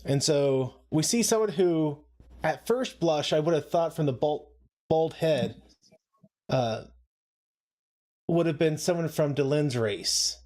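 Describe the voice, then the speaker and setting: A man with a fairly high voice gives casual live commentary on an episode. He chats with a playful tone, laughs often and throws in jokes between his observations. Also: slow pace, long pauses, a little mellow. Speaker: co-host of a show watch-along.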